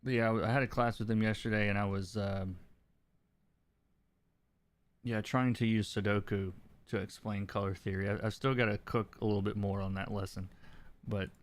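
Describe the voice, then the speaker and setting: A man, a comic colorist, chatting casually on a livestream while he works, thinking aloud with many restarts and soft chuckles. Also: lowish voice. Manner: chuckles softly between remarks. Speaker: comic book colorist streaming his work.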